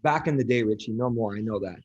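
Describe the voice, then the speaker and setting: A man, an athletic coach, talking on a podcast, telling stories in a lively way full of fillers and restarts. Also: lowish voice, fast talker, dull audio, noisy background. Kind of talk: podcast conversation.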